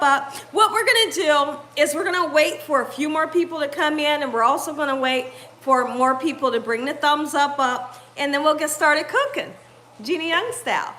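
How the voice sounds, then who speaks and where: A woman's voice: high voice, normal speed, bright, forceful tone. A woman hosting a live cooking stream from her home kitchen. She chats with viewers, greets them by name and laughs often. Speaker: cooking channel host.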